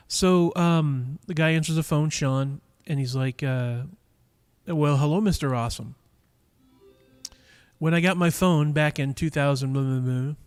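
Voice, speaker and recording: A man hosting a live stream talks into a microphone in a cigar lounge, his voice a little high, a little mellow, clear and resonant. He chats casually and teases the viewers watching. The delivery meanders, with many fillers and restarts.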